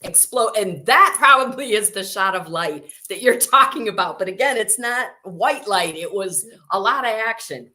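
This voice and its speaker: A woman's voice: medium pitch, normal speed, hardly any pauses. A woman in her sixties from Chicago, a guest telling stories in a casual interview and acting out the voices she quotes. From Chicago, USA. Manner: animated storyteller who acts out quoted voices.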